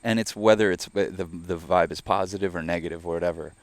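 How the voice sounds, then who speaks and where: A man hosting a podcast, chatting casually in a rambling, profane, animated storytelling way. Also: low-pitched, fast talker, no room sound. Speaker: podcast host. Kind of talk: casual chat.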